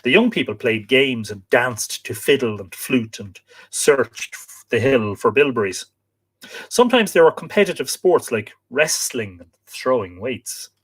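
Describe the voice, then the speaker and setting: A man's voice: mid-range voice, lively intonation, unhurried, husky. An Irish man hosting a live stream, reading from a book and adding chatty asides for viewers, sometimes spelling out place names. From Ireland.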